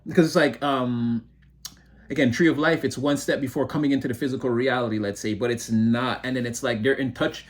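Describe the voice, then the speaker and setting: A man giving a casual tarot reading, excitable and giggly, talking in a rambling rush that keeps breaking into laughter. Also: mid-range voice, fairly quick. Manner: excitable, giggly motor mouth. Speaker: tarot reader.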